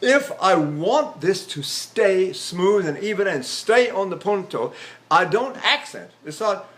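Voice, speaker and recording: A man's voice: high voice, big pitch swings, slow, fairly bright tone. An older man teaching vocal technique in a lecture, demonstrating by speaking phrases in several languages. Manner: demonstrative, shifts into other languages to illustrate placement.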